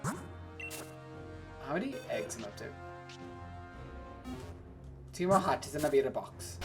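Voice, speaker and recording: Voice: mid-range voice, very animated, takes it slowly, music in the background. A streamer chatting casually to viewers during a game livestream, rambling between topics and laughing often. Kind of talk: casual livestream chat while gaming.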